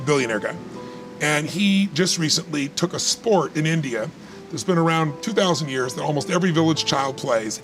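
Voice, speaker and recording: A man giving motivational talk in conversation, emphatic and repetitive, telling stories to make his point. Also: fairly high pitch. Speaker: motivational speaker.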